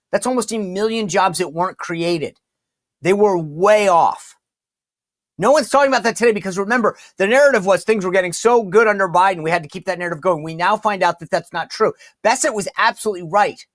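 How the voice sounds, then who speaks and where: A man's voice: high voice, a bit bright, no echo, clean studio sound. A man hosting a political talk show, delivering an emphatic, incredulous commentary monologue and mockingly reading quotes aloud. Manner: incredulous, emphatic, repeats himself.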